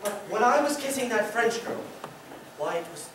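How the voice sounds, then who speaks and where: A woman's voice: fairly high pitch, very animated, normal speed, a little hiss or hum. A young woman on a school stage playing an earnest, pleading young groom. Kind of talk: high school musical theatre. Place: school stage in a large hall. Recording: echoey auditorium taped from far off.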